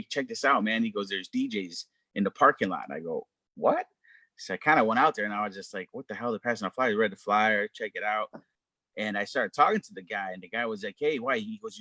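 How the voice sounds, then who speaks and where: Middle-aged guy telling an old dj story, lively up and down voice, dry sound. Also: mid-range voice, no echo. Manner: animated, acts out quoted voices. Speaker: DJ guest. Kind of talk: storytelling interview.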